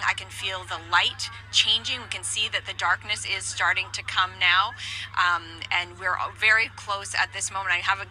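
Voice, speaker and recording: A woman reporting live from the field, describing events in a hushed, anticipatory way. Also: medium pitch, rough recording.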